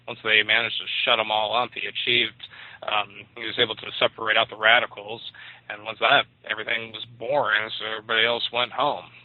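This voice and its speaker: A man's voice: lowish voice, flat delivery, a little fast, no echo. A man narrating an ad-libbed story on a radio show, loose and full of restarts. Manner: loose, with many fillers and restarts. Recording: tinny dry phone line.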